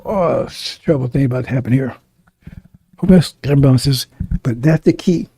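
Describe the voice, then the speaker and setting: Gravelly, emphatic male preacher. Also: mid-range voice, a little fast, warm tone, no echo. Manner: emphatic, repetitive, addresses listeners directly. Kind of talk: sermon.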